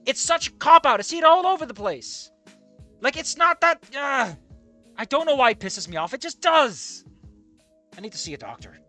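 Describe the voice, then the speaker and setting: Guy ranting over fanfic he's reading, swears a lot, trips over words, bright voice. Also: very high-pitched, moderate pace, soft background music. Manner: animated, ranting, swears, stammering restarts. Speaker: fan fiction reader and commentator. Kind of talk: reading fan fiction aloud with commentary.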